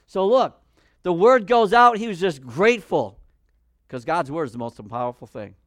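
Animated high-voiced male preacher. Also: no echo, clean studio sound. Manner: animated, acts out Bible figures in quick voices. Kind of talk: sermon.

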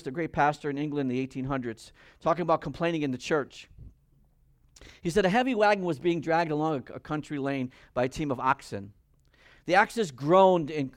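A man preaches a sermon in a fairly high voice, pushing hard and loud when he reads scripture. The sound is dry and close, with no room around it. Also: no echo. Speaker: pastor.

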